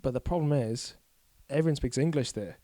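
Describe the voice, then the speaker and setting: Man, 20s, candid rambling podcast guest, self-deprecating, mid pitch, dry close sound. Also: brisk, warm tone, no room sound. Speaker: guest cyclist. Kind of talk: casual podcast chat.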